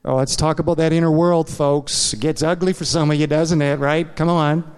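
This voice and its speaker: A man delivers a confessional sermon from a church platform, his voice smooth and resonant and sitting a little high for a man. He keeps turning to the congregation with quick asides as he tells his story, and the long reverb of the sanctuary trails behind every phrase. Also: steady tone. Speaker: pastor.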